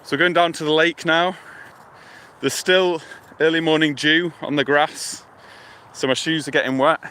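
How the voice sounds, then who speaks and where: Walking by a lake and river close to a motorway, this UK live-stream vlogger chats to his viewers from a handheld phone, rambling easily and thinking out loud. His voice is fairly high and smooth, at a normal speed. Outdoor traffic hums behind him.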